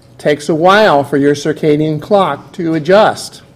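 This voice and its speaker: A man's voice: on the high side, normal speed. A man giving a classroom lecture, explaining step by step and putting questions to his students.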